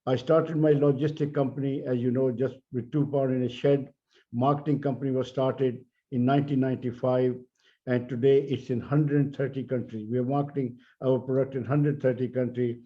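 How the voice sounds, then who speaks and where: An older man with an Indian English accent delivers a measured, earnest keynote, leaning hard on key words. His voice is very dark and mellow. The audio is dull and lo-fi. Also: medium pitch, little pitch movement. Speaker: keynote speaker. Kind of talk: conference speech.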